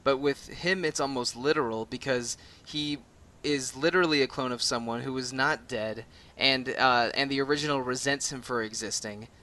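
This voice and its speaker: A man's voice: medium pitch, normal speed, pushed and bright. A man co-hosting a casual podcast, talking through a game's characters with many fillers and restarts. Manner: hesitant, repeats words, frequent fillers. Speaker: podcast co-host. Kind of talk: casual game discussion.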